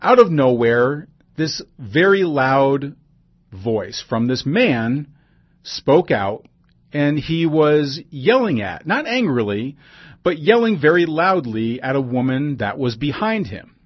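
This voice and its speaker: A man recounting something he saw, talking casually with fillers and little asides. His voice sits at an ordinary middle pitch. The recording sounds a bit dull and lo-fi. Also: animated, slow, breathy edge. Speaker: storyteller. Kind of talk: personal anecdote monologue.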